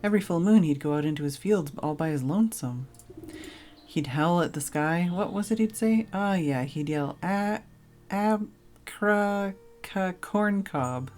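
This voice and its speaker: A woman's voice: fairly low pitch, expressive, measured pace, darkish tone, voice pushed up. A woman voicing a huge, weepy male bandit who sniffles and sobs in rustic, broken speech. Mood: sniffling.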